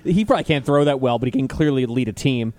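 A man co-hosting a podcast in casual comedic chat, loose and excitable, with swearing and lots of fillers. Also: mid-range voice, fast, no echo. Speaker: podcast co-host.

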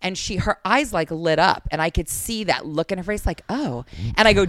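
A woman's voice: lowish voice, a little fast, hardly any pauses. A woman in her forties, a comedian guest chatting casually and acting out the people in her stories. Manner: animated storyteller acting out quotes. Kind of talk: casual chat.

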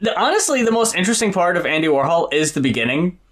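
A man's voice: high-pitched, big pitch swings, quick pace, a bit bright. A man co-hosting a podcast, chatting loosely about an album with plenty of swearing and filler words. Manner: loose and profane, lots of fillers. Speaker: podcast co-host. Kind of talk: casual music review chat.

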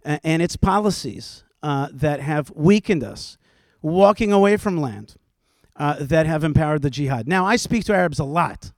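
A man speaking on a panel with a fairly high voice that rises as he presses his point. He is forceful and fires off rhetorical questions, often pausing on "uh". The sound is dry and close. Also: animated, dry recording. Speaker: panelist, rabbi. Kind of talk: impassioned panel argument. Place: stage before a live audience.

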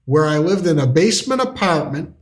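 A man's voice: fairly high pitch, sing-song, fairly quick. A man telling a personal story in a casual interview, rambling with restarts and lots of filler words. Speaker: storyteller guest.

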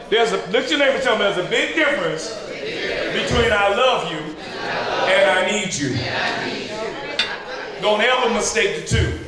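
A man preaching at a leader training, teaching through call-and-response and building to shouted peaks. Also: high-pitched. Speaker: pastor leading a leader training. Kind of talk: sermon-style teaching. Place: large church hall with an audience. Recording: echoey hall with crowd responses.

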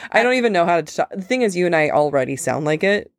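Brief: woman podcast co-host, low and swooping voice, dry close sound, chatty and quick to laugh. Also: no echo. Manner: animated, laughs often, quick bursts. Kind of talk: casual book-discussion chat.

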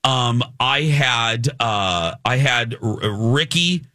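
A man hosting a talk show, telling a travel story in a rambling, animated way with lots of fillers. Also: medium pitch, takes it slowly, dry recording, clean studio sound. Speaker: radio show host. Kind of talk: casual storytelling chat.

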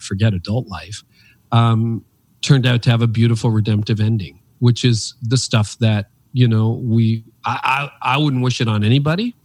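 In this interview, a fifties-aged man from Canada who writes and gives talks shares reflective stories as a guest on a podcast. He speaks with emphasis and lots of animation, his pitch jumping as he goes.

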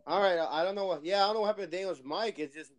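A man co-hosting an online chat, rambling in halting, profane phrases. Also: high voice, no room sound. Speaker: podcast co-host. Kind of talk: casual chat. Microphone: online voice call.

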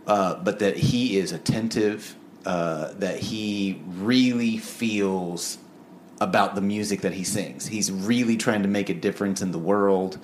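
Earnest slow-talking male co-host. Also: lowish voice, a little hiss or hum. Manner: earnest, rambling with fillers. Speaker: podcast co-host. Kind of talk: casual music review chat.

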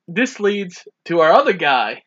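A man's voice: high-pitched, sing-song, measured pace, a bit bright, husky, highs cut off. A man co-hosting a podcast, retelling a film's plot casually and acting out the characters' lines. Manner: narrates the plot, acts out lines. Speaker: podcast co-host. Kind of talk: casual movie recap chat.

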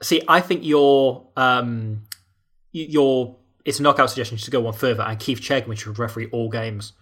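A man's voice: mid-range voice, moderate pace, fairly bright tone. A man hosting a podcast, joking and laughing often in casual chat. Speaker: podcast host.

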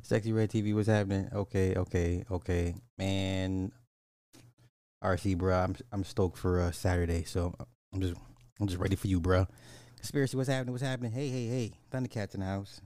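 A man's voice: low-pitched, steady tone, brisk, dark tone, no room sound, studio quality. A man hosting a casual livestream podcast, greeting viewers by name and chatting loosely. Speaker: podcast host.

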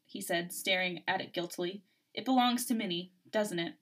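A woman reading a fan fiction story aloud on a podcast, giving the characters' lines a lively, acted lilt. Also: on the low side, normal speed. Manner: lively, acts out dialogue, laughs often.

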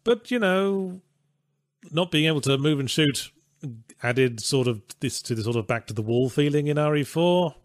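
A man's voice: fairly high pitch, expressive, moderate pace, dry recording, studio quality. A man co-hosting a casual podcast, reading out donations with blunt, sweary, sardonic remarks. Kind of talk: casual chat.

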